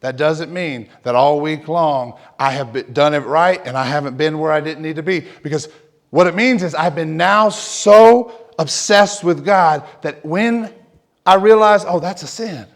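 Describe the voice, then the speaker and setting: A man preaching an emotional personal testimony as a pastor, dropping to near whispers and then rising loud and fervent. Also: fairly high pitch, measured pace. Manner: emotional testimony, swings from hushed to loud, repeats himself. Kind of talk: sermon.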